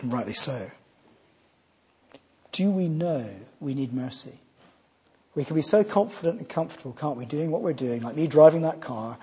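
A man's voice: a little high, mellow, husky. A man from Scotland preaching a sermon, earnest and rising to emphatic scripture readings. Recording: muffled, long hall reverb.

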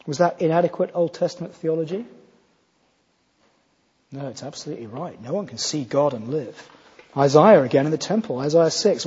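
Male preacher from Scotland, earnest sermon, husky dark voice, long hall reverb, muffled sound. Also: fairly high pitch, expressive, normal speed, long pauses. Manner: earnest, building to emphatic scripture readings.

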